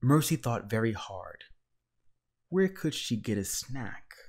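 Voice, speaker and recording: A man reading a children's picture book aloud with gentle, measured storytelling. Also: medium pitch, very animated. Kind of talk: children's read-aloud narration.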